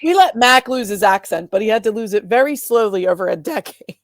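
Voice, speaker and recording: Female podcast co-host, lively chatty recapper, close dry sound. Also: a little high, fairly quick, no echo. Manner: animated, laughs often, acts out characters' lines. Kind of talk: casual chat.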